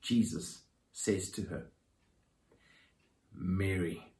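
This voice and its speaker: Animated preacher telling scripture. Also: mid-range voice, a little slow. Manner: dramatic retelling with scripture reading. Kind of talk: sermon.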